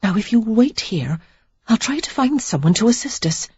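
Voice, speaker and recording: A woman reading an audiobook, voicing a sheltered gentlewoman in her twenties who speaks politely and tentatively. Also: a little high, very animated, moderate pace, slightly rough, no room sound, lo-fi sound, pitched above the performer's own voice, full character voice. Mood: anxious, polite. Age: 20s.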